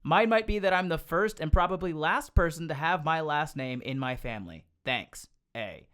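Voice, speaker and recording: A man co-hosting a comedy podcast in casual chat, rambling and quick to joke. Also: fairly high pitch, expressive, a bit bright, clear, resonant tone.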